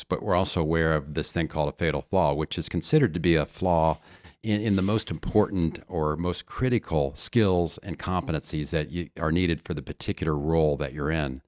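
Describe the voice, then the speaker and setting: Low-voiced man explaining coaching. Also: moderate pace, no room sound, studio quality. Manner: earnest, explains with stories and analogies. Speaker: guest leadership coach. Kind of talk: podcast conversation.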